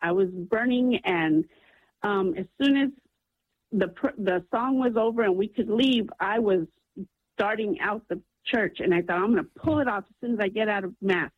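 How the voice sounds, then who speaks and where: A woman's voice: mid-range voice, normal speed, breathy edge, dry recording. A woman calling in to a radio show, earnestly telling a long personal story with many ums. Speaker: caller. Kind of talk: phone-in storytelling. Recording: tinny phone line.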